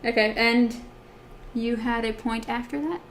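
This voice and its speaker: A woman's voice: fairly high pitch, fairly even intonation, unhurried, a little hiss or hum. A woman co-hosting a book podcast in casual chat, hesitant with many fillers as she compares text versions. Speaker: podcast co-host.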